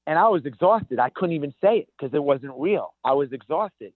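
A man, a guest in an interview, telling stories in an energetic way with many restarts. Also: on the high side, brisk, hardly any pauses, dry recording. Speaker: guest, ultrarunner. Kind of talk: conversational interview. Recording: tinny phone-like dry sound.

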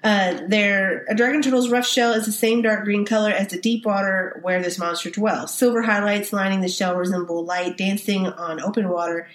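A bubbly, giggly woman with a Texan accent co-hosts a casual podcast, chatting freely and reading out passages. Her voice is mid-pitched and rings in a roomy space. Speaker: podcast co-host. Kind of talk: casual chat and reading monster lore. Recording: roomy sound.

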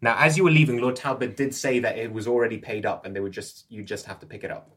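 A man's voice: mid-range voice, fairly even intonation, fast talker, a bit bright. A man running a tabletop role-playing game as game master, narrating in a rambling way with frequent laughs. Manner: rambling, laughs often, restarts sentences.

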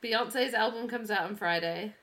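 A woman's voice: fairly high pitch, moderate pace, a bit bright. A woman in her thirties co-hosting a podcast in casual chat, talking in a giggly, chatty way full of "like" fillers. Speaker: podcast co-host.

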